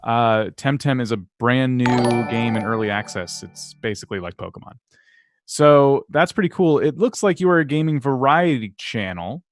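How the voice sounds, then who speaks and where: A man co-hosting a channel review, relaxed and thinking aloud as he goes. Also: medium pitch, moderate pace, no echo, soft background music. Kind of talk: casual channel review chat.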